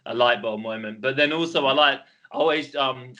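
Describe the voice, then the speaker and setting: A man's voice: mid-range voice, brisk, sharp tone, muffled recording. Rambling male guest. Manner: rambling, lots of fillers. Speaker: podcast guest, cookbook co-founder. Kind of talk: casual chat.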